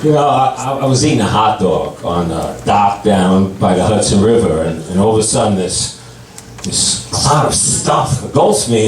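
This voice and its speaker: A man in his sixties telling stand-up jokes in a deadpan style, putting on higher voices for the people in his stories. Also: moderate pace, a little hiss or hum. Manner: deadpan one-liners, voices others in a higher pitch. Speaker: stand-up comedian. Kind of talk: stand-up comedy set. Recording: echoey club, voice from far off.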